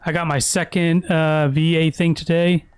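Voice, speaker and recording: A man's voice: a little high, level tone, normal speed, clean tone. A man giving casual, crude and profane commentary while streaming a video game. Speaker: gaming streamer.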